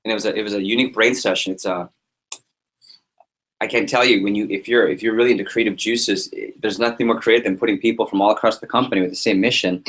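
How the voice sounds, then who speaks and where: A man giving a motivational talk to his sales team as their liaison, animated and joking, acting out little scenes. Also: on the low side, fast.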